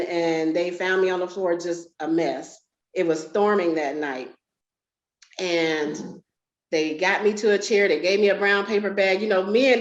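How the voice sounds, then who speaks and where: A woman talks candidly through a personal story, her voice sitting a little low. The sound is roomy and slightly dull, like a lo-fi recording in an echoing space. Her delivery is conversational and unguarded. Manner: candid, conversational, emotional at times.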